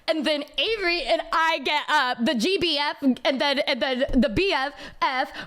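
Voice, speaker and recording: Young female streamer, high bright voice, animated storytelling with heavy swearing. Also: normal speed. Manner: animated, heavy swearing, quotes people in raised voice.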